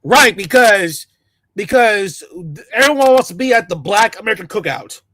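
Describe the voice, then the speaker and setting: A man's voice: high-pitched, expressive, normal speed, a bit bright, dry recording. A man ranting sarcastically to camera, mocking and repeating himself in bursts. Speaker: commentator.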